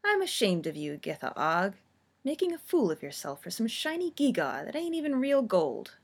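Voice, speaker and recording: Woman putting on a stern old witch, reproachful, husky edge. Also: medium pitch, huge pitch swings, moderate pace, heavily acted.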